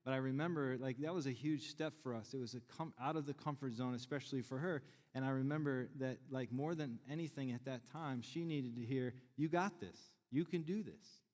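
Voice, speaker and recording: A man's voice: fairly even intonation, brisk, few pauses, darkish tone. A middle-aged man, preaching a sermon in a conversational, joking way to his congregation. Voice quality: deep voice. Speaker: pastor. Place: large church sanctuary. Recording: long church hall reverb.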